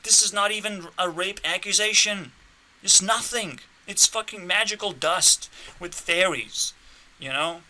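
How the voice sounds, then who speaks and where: Bright-voiced man ranting, slow and erratic. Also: sits high. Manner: profane, erratic, swinging between shouting and muttering; trolling, laughing at his own provocations. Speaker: channel host. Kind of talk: unscripted rant to camera.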